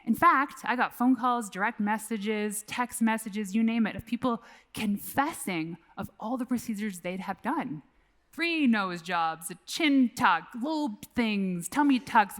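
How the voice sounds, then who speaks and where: Candid, slightly high-voiced woman speaker. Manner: candid and casual, swears freely. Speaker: keynote speaker. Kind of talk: personal storytelling keynote. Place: conference stage.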